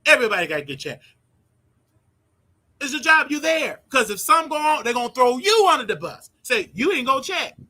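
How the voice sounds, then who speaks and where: Blunt high-voiced man ranting advice. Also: very animated, brisk, pauses often, bright, forceful tone. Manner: blunt, preachy, repeats his points for emphasis. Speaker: show host. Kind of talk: casual advice rant.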